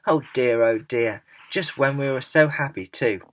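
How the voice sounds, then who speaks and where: A man's voice: medium pitch, a bit bright, lightly acted. A man reading aloud, voicing a worried female ladybird in a children's story. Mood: distraught. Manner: quick and fretting. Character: anxious, tearful female ladybird.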